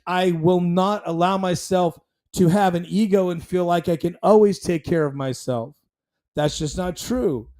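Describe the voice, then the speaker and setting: A man with a high-sitting, darkish voice hosts his own casual commentary stream. He talks bluntly and heatedly, rambling with restarts and fillers.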